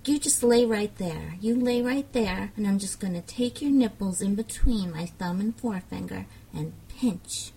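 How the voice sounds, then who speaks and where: Slow, husky woman, teasing hypnosis role-play. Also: mid-range voice, animated, low-quality recording. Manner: coaxing and teasing, with soft laughs. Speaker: audio role-play performer.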